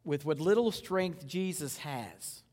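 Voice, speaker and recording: A man preaching a sermon in a conversational way, moving between loud rhetorical questions and hushed, slow reverent passages. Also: a little high, expressive, long reverb tail. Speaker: pastor.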